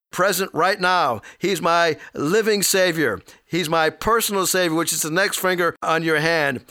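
Guy preaching a sermon, bright clear voice, pretty dry sound, folksy with little jokes. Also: a little high, no echo. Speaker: pastor.

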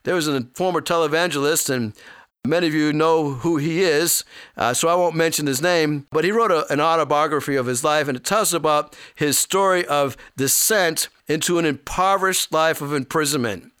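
A man's voice: on the high side, normal speed, fairly bright tone, smooth, dry recording, studio quality. A man preaching a sermon in a folksy way, with light humor and personal stories. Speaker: pastor.

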